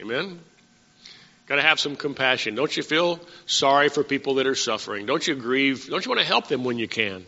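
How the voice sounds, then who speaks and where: A man's voice: mid-range voice, animated, fairly quick, bright, forceful tone, in a large hall, muffled recording. A man preaching a casual, conversational sermon, asking his congregation questions as he teaches.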